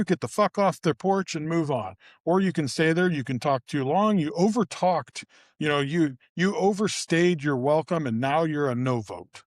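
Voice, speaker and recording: A middle-aged man, co-hosting a podcast and ranting about local politics in a profane, animated way. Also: normal speed, no room sound, studio quality. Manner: profane, animated storytelling with sudden pitch jumps. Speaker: podcast co-host. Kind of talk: casual ranting chat. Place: studio.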